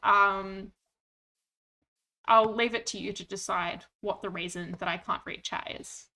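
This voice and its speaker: A woman's voice: medium pitch, steady tone, unhurried, sharp tone. A woman streaming a game, chatting playfully and reading out chat. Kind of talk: casual gaming stream chat.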